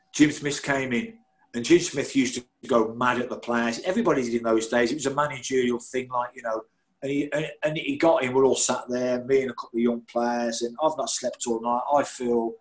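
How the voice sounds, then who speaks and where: A man's voice: mid-range voice, low-quality recording. Blunt self-mocking man. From Birmingham, England. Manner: blunt and self-mocking, laughing at himself, swearing freely. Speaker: former footballer telling his story. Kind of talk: candid storytelling.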